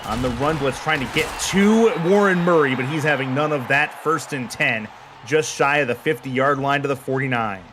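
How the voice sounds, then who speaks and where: Excited male play-by-play commentator. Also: mid-range voice, normal speed, background noise. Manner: calm play calling that jumps to excited shouting on big plays. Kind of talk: live sports play-by-play.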